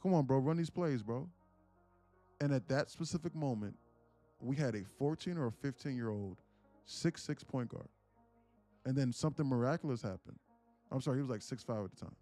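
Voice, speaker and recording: A man's voice: mid-range voice, faint music behind. A young man hosting a livestream who tells a story casually, with lots of swearing and animation. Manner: profane, animated, fast. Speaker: day-trading livestream host.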